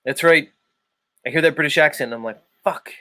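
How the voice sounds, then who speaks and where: A live show host from the United States with a South Philadelphia accent chats playfully with his viewers on a stream. He talks fast with a sharp tone, swinging his pitch and volume and drawing out words.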